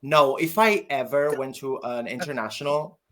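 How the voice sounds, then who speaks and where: A man's voice: mid-range voice, moderate pace, a bit bright. A man from Spain, a guest drag queen, chatting on a podcast in a gossipy, dramatic way with frequent laughs. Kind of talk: casual podcast chat.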